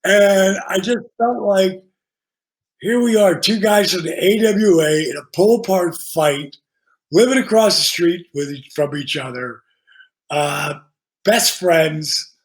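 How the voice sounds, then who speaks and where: A man with a fairly high-pitched voice for his sex, spinning casual stories as a podcast guest. He is animated and profane and acts out the back-and-forth of each conversation. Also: slow pace. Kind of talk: casual storytelling.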